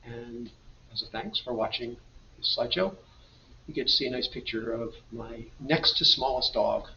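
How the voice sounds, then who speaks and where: A man's voice: mid-range voice, moderate pace, gravelly, bright, forceful tone, slight background noise. A man teaching a grammar lesson over a slideshow, explaining patiently and reading example sentences aloud. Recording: dull, roomy, mic at a distance.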